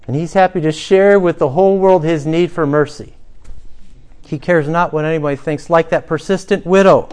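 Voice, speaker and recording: A male pastor preaching a sermon who acts out the beggar's cries dramatically and drops to a soft hush when he reflects. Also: fairly high pitch, steady tone, normal speed, clean tone.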